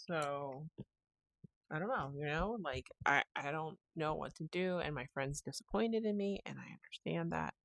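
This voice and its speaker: A woman's voice: sits low, expressive, normal speed, dry recording. A woman hosting her own podcast, talking casually and telling a long story with many restarts. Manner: rambling, restarts sentences, retells phone calls. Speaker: podcast host. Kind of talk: casual solo podcast monologue.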